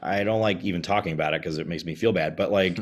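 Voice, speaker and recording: A voice actor from Texas chats as a guest in a podcast interview over a video call, telling stories and slipping into character voices. His low voice is fast, with a little hiss or hum.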